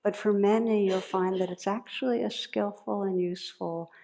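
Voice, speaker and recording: A woman meditation teacher giving a dharma talk in a gentle, unhurried, reflective way, leading into a guided practice. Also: mid-range voice, steady tone, vocal fry.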